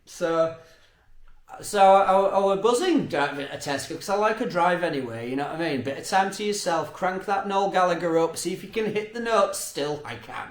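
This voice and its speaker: A man's voice: sits high, expressive, normal speed, reverberant. A man telling everyday stories in a rambling casual monologue, swearing, laughing often and asking "you know what I mean". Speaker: podcast host.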